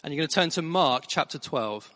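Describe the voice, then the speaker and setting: A middle-aged man preaches from the front of a church, telling stories with lively, emphatic repetition. His voice sits a little high and sounds bright and forceful. A long hall reverb trails after his words. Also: a little fast. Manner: animated storytelling with emphatic repeats. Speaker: pastor. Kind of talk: sermon.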